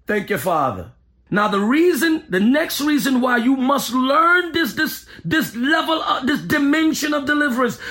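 A man's voice: high voice, pushed and bright. A man preaching as an apostle teaching deliverance, emphatic and repetitive in his delivery. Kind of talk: preaching sermon.

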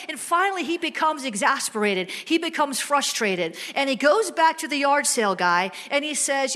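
High-voiced woman preaching a sermon. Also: moderate pace, hardly any pauses. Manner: animated storytelling, playful.

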